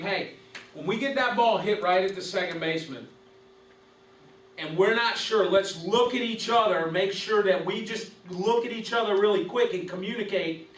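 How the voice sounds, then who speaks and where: A man teaching a class of umpires in a conversational lecture, asking questions and repeating key points. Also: sits high. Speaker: umpire instructor. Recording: roomy, distant mic, faint hiss.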